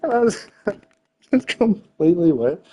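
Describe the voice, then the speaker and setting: A man's voice: sits high, very animated, a little slow, warm tone, highs cut off, a little hiss or hum. Laughing young man telling stories. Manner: laughing often, swearing, filler-heavy slang. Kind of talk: casual storytelling chat.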